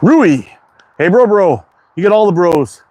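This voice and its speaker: Outdoors in a cold wind, a Quebec-accented Canadian man casually hosts a slingshot livestream, reading chat names aloud and greeting viewers in a laid-back, friendly way with casual swearing. His voice is high-pitched with big pitch swings, a measured pace, and a slightly mellow quality. Wind and outdoor ambience fill the background.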